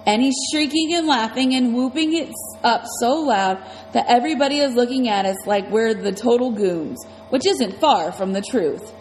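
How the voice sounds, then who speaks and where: Woman audiobook narrator, fairly high voice, long reverb, faint hum, casual storytelling. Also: moderate pace, few pauses. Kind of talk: first-person novel narration.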